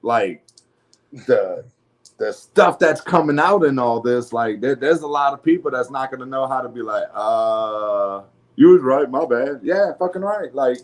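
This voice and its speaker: A man's voice: medium pitch, lively intonation, moderate pace, slight background noise. A man with a New Orleans accent hosting a casual podcast, talking loosely, laughing and swearing freely with frequent restarts. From New Orleans area. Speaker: podcast host.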